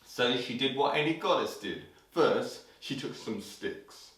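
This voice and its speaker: A man hosting a children's show, telling a story playfully and breaking into sudden shouts, heard in an echoey room from a distance. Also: medium pitch, a little slow, hardly any pauses. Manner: animated, leaps into loud sudden shouts for scares.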